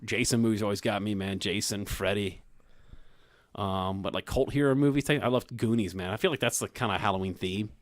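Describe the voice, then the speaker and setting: A man's voice: lowish voice, brisk, no room sound. A man hosting a casual sports radio chat, joking and laughing often. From Philadelphia area.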